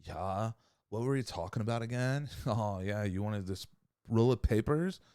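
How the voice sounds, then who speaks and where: A hazy, drawling stoner guy behind a shop counter, as a man imitates him, slow and forgetful, his low voice dropping soft and mumbly. the sound is close and dry, with no room around it. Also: no room sound, lightly acted. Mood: spaced-out. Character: laid-back spaced-out male stoner store clerk.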